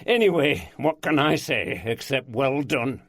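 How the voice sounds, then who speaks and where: A man's voice: medium pitch, lively intonation, a little slow, fairly bright tone, dry recording, voice pushed up. Audiobook: man reading a jovial Yorkshire superintendent, hearty, dry booth sound. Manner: hearty, chuckling.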